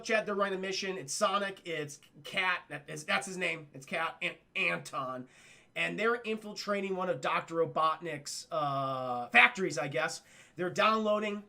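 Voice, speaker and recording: A man hosting a livestream cartoon review, excitable and profane, who keeps talking to his chat. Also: a little high. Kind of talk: casual livestream commentary.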